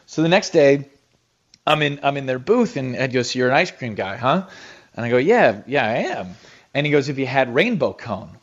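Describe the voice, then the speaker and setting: Animated man telling a lo-fi radio anecdote. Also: mid-range voice, normal speed. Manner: animated storyteller with restarts and laughs. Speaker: radio host. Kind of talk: casual anecdote. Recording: dull lo-fi radio clip.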